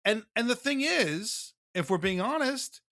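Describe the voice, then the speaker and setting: A man co-hosting a casual sports podcast, talking in an animated way with quick asides and frequent laughs. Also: extremely high pitch, dry recording, studio quality. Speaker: podcast co-host.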